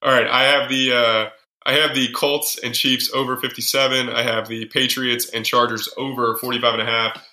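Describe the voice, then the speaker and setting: Bright-voiced man hosting, roomy sound. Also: mid-range voice, little pitch movement. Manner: quick, stammering restarts. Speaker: sports betting show host. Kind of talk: casual sports betting talk. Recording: roomy echo.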